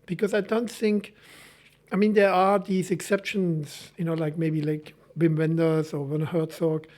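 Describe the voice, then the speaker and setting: A man with a German accent speaks in a high, light register as a guest on a podcast. He talks haltingly, circling back and restarting his sentences, and often chuckles as he explains his work teaching film. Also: little pitch movement, a little mellow. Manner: hesitant, many restarts, chuckles. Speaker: film school lecturer. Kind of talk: podcast interview.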